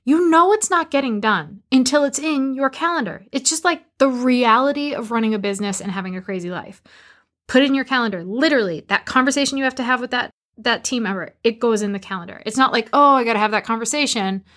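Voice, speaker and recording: A woman business coach hosting a solo motivational talk, energetic and emphatic, repeating punchy commands, recorded in her barn studio. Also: a little high, fast talker, few pauses. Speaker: business coach and podcast host.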